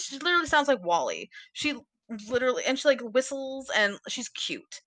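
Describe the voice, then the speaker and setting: A woman's voice: high-pitched, big pitch swings, normal speed, a bit bright, dry recording. A woman co-hosting a podcast, chatting casually about books in a rambling, giggly way with lots of fillers. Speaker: podcast co-host.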